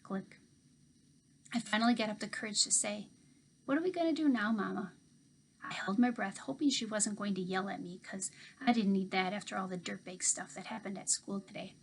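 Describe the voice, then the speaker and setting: A woman teacher reading a children's novel aloud in expressive first-person storytelling. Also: medium pitch, a little fast, creaky, slight background noise.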